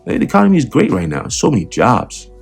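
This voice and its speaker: A man's voice: on the low side, lively intonation, fast, darkish tone, soft background music. A man putting on the voice of a smug, dismissive male politician, scornful and mocking. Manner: mocking, brushing off complaints.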